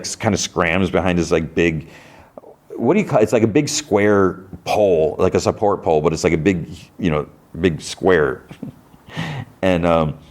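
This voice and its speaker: A man hosting a podcast, casually recapping a TV episode, retelling scenes with lots of "like" and quick character impressions. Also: low-pitched, darkish tone. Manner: loose retelling with frequent "like" and restarts, lightly mimicking characters' lines.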